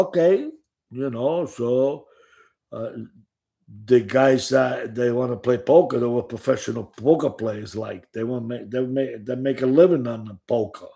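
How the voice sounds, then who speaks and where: A man's voice: mid-range voice, creaky, a little mellow. An older man telling stories from his past in a rambling, profane, casual way, often saying "you know.". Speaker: former gambler recounting his past. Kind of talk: casual storytelling.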